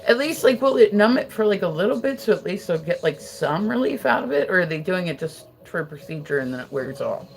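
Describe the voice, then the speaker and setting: A woman's voice: fairly low pitch, lively intonation, a little fast, hardly any pauses. A woman hosting a livestream, chatting casually with viewers, rambling with lots of fillers and frequent laughter. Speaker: livestream host.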